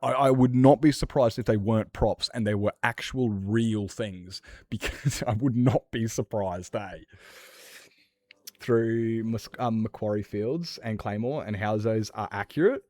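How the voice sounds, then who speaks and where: An Australian man streaming a game, chatting casually in a rambling, sweary, animated way. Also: lowish voice, moderate pace, no echo. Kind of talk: casual chat while gaming.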